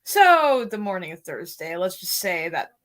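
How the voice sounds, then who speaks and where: A woman from the United States co-hosting a live stream and telling a story in a chatty, animated way. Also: on the low side, normal speed. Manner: chatty, animated storyteller who laughs easily. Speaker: co-host. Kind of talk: casual conversation on a live stream.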